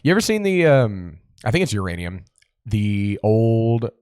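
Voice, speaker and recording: Brief: podcast co-host, deep voice that swings a lot, rambling and enthusiastic. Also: male voice, sing-song, unhurried, darkish tone, clear, resonant tone. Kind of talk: casual chat.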